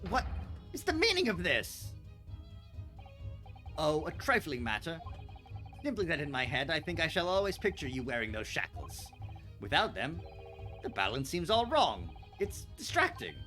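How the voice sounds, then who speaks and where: A man's voice: fairly high pitch, wildly swooping pitch, normal speed, long pauses, bright, forceful tone, faint music behind, voice pushed up, exaggerated voice. A man voicing a flamboyant, eccentric male detective who talks theatrically and laughs at his own teasing. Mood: gleeful teasing.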